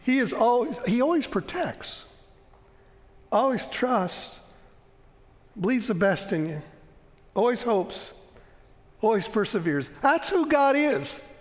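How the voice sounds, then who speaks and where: A man preaching a sermon in church as pastor, earnest and emphatic, often slowing down and dropping to a soft hush. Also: very high voice, very animated, in a large hall.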